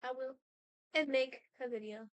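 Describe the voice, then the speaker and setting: A woman vlogger reacting to a game in casual chat. She gets excitable, shrieks and swears. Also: sits high, normal speed, smooth, no echo.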